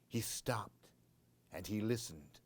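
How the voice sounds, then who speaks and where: A man working as a library storyteller reads a children's picture book aloud, playing with sound words and dropping into hushed whispers. His voice is lowish and slow with a breathy edge.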